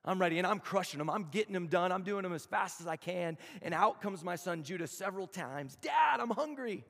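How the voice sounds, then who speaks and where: A man's voice: high voice, a bit bright. A man in his thirties preaching a conversational, storytelling sermon to a room of students. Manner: storytelling, conversational, with slow emphatic phrases. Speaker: campus chapel speaker. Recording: long hall reverb.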